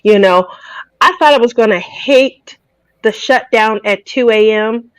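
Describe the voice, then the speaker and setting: A woman's voice: fairly high pitch, measured pace, clear, resonant tone, dry recording, rough recording. Emotional woman telling a chatty story. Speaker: craft channel host. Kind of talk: casual chat.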